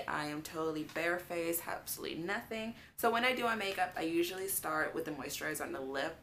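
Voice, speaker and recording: Young female beauty vlogger, low-pitched, casual and gushing, lots of "um" and "like", faint hiss. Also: fairly bright tone. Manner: chatty and gushing, with many fillers like "um" and "like". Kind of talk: casual makeup tutorial chat.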